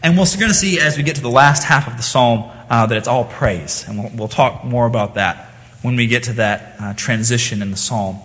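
A man's voice: mid-range voice, fairly quick, fairly bright tone, long reverb tail. A man preaching a sermon, earnest in tone, rising to impassioned cries when he voices the psalmist's pleas. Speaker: pastor.

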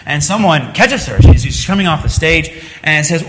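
There is background noise as a man preaches in a church sanctuary, the hall's long reverb trailing his words. Slightly high-voiced and animated at a normal speed, he speaks earnestly and plainly, rising and falling and restarting often as he tells a story.

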